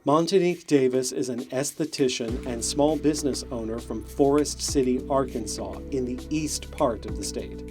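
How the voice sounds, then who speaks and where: A man reading scripted documentary narration in a measured, explanatory tone. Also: mid-range voice. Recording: narration over guitar music.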